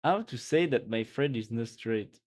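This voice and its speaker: A man from France with a French accent, streaming and chatting casually in English, playful and quick to laugh, often trailing off and restarting. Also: mid-range voice, lively intonation, a little mellow. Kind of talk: casual live-stream chat.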